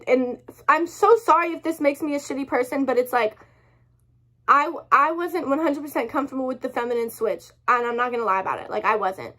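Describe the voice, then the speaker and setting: High-voiced young woman ranting, upset. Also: a bit bright. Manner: rambling, heavy swearing, apologizes often. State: upset, close to tears. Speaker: vlogger. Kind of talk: emotional storytime rant.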